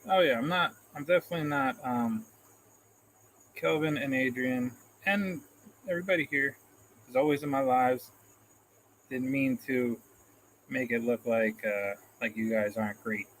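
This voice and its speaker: A man's voice: mid-range voice, a little slow, long pauses, a bit bright, a little hiss or hum, rough recording. A man hosting a casual live stream, reading out comments in a rambling, self-deprecating way and chuckling often, into a phone camera. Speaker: livestream host.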